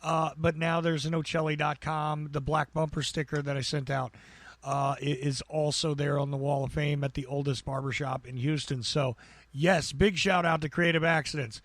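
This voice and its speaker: A man with a New Jersey accent who talks in a somewhat high voice. He co-hosts a podcast and chats and rambles, laughing as he goes. His voice sounds close and dry. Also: fairly even intonation, moderate pace, no echo. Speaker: podcast co-host. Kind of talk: casual chat.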